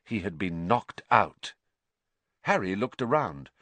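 A man narrating an audiobook in an expressive, scripted reading. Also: lowish voice, takes it slowly, no echo.

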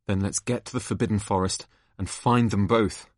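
Determined witch mother, low man reading, brisk. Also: fairly even intonation, no echo, clean studio sound, close to an everyday voice.

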